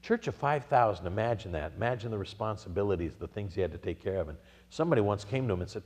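Male pastor, middle-aged, American, sermon storytelling, animated quoted lines, emphatic peaks. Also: fairly low pitch, quick pace, long reverb tail.

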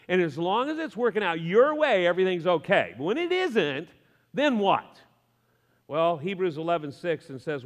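High-voiced male preacher in an echoing hall. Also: normal speed. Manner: lively, conversational preaching with humor and asides. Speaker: pastor. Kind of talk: sermon.

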